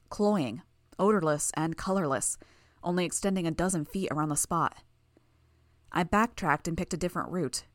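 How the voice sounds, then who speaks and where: A woman reading a first-person audiobook in a steady, measured way. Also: fairly low pitch, no echo. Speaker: audiobook narrator.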